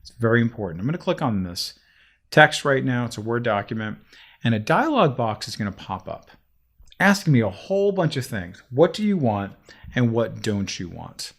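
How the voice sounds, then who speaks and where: Man, software tutorial instructor, lively pitch, gravelly edge, chatty step-by-step narration. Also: moderate pace. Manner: chatty and animated, talks himself through each step. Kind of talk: screen-recorded software tutorial.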